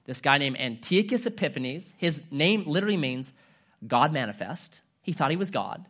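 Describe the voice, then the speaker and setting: Animated storytelling male preacher. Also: fairly high pitch, moderate pace. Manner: animated storytelling, conversational, humorous asides. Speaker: pastor. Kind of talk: sermon.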